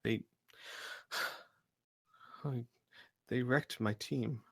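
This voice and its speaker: A man voicing a bullied young man in his late teens, talking in halting, apologetic bits. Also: medium pitch, fairly even intonation, creaky, fairly bright tone, slightly rough, dry recording, clean studio sound, exaggerated voice. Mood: dejected.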